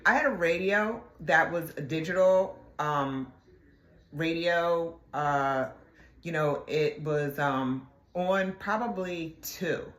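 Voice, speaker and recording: Middle-aged lady telling old work stories real slow, lots of ums, echoey room. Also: deep voice, fairly bright tone. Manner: slow, halting, with many fillers and rhetorical asides. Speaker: former police detective. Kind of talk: casual storytelling.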